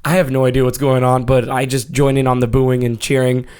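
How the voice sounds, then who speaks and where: A man telling a long story in casual podcast chat, acting out quotes with shouts and laughter and swearing freely. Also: mid-range voice, little pitch movement, brisk, clear, resonant tone. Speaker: podcast co-host.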